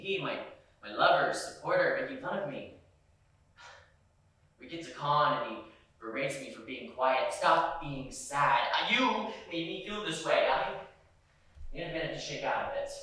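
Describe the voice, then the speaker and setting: A young man performing a dramatic solo monologue, moving between quiet hurt and loud anger. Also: fairly high pitch. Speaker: stage performer. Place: university performance space. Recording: very echoey room, mic far off.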